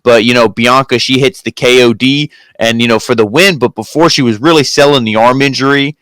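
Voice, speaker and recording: A man's voice: medium pitch, a little fast, fairly bright tone, dry recording. A man co-hosting a review show, chatting casually and rambling with lots of "you know" fillers. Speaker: co-host of a wrestling review show. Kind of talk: casual chat.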